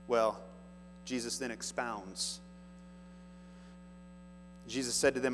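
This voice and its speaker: A man's voice: medium pitch, steady tone, measured pace, long pauses, a bit bright. A man preaching a sermon, reading scripture aloud with earnest, rising emphasis. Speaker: pastor. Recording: long hall reverb, faint music and mains hum.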